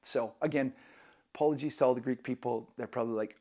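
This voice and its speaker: A man's voice: medium pitch, quick pace, dark tone. A man hosting a travel vlog, giving casual travel tips in an enthusiastic, self-deprecating way.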